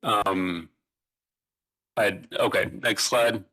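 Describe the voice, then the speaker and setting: A man giving a presentation at a public meeting, explaining in a halting way with many restarts. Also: lowish voice, pushed and bright, slightly rough, low-quality recording. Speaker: utility presenter. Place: city hall meeting room.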